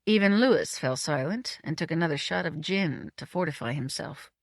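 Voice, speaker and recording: A woman narrating an audiobook in a measured, dryly witty way. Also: sits low, animated, no room sound, clean studio sound. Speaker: audiobook reader. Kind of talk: scripted storybook narration.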